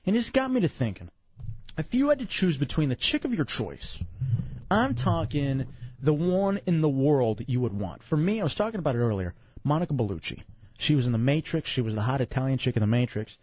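A man's voice: medium pitch, very animated, a little fast, a little mellow, slightly rough, no room sound. A tired young man from Dallas, hosting a casual chat show in a rambling, joking way. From Dallas, Texas. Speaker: podcast host. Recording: dull lo-fi, dry room.

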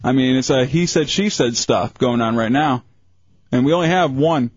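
A man's voice: mid-range voice, moderate pace, no room sound. A man hosting a radio call-in show, probing with hesitant restarts from a studio mic. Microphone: studio microphone. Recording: dull radio broadcast sound.

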